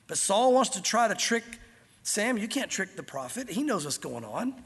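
A man with a high-pitched voice preaches an animated sermon, explaining scripture and playing out the characters with lively delivery. His voice rings with the long reverb of a large church hall. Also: normal speed, a little hiss or hum. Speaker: pastor. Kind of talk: expository sermon.

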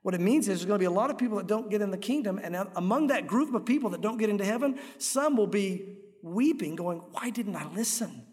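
A middle-aged male pastor preaching an earnest, animated sermon in a church, acting out crowd voices along the way. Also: sits high, fast talker. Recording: echoey hall with long reverb.

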